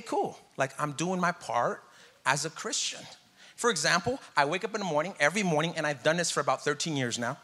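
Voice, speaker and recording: A pastor in his thirties, with a high-leaning, bright, forceful voice, preaches a sermon. His style is conversational and joking, and he calls out to the congregation.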